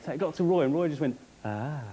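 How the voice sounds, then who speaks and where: High-voiced whimsical comedian. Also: male voice, very fast, a little hiss or hum. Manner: whimsical, rambling and animated. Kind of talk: surreal stand-up storytelling. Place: live comedy stage.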